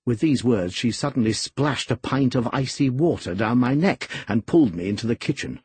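A man reading a classic novel aloud, expressive and measured. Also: medium pitch, slightly rough. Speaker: audiobook reader. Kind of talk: scripted novel narration.

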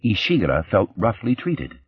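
A man voicing a brisk, guarded woman in her thirties who works as a press secretary. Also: lowish voice, wildly swooping pitch, husky, no echo, exaggerated voice. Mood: guarded urgent. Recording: slightly dull, dry recording.

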